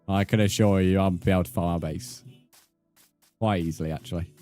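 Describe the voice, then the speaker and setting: Casting: male game streamer, lowish voice, blunt sweary banter, faint game music behind. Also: fairly even intonation, brisk, dark tone. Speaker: livestreamer. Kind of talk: casual live gaming stream chat.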